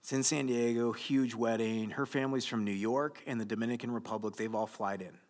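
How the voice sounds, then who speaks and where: A male pastor in his thirties preaching a conversational, jokey sermon that builds to loud, emphatic stretches. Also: medium pitch, fairly even intonation, fairly quick. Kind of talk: sermon to a young adult group.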